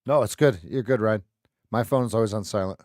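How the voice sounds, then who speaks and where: A man's voice: lowish voice, a little fast, a little mellow, dry recording, studio quality. Man calling live market levels. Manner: repetitive, thinks aloud with restarts. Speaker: trading stream host.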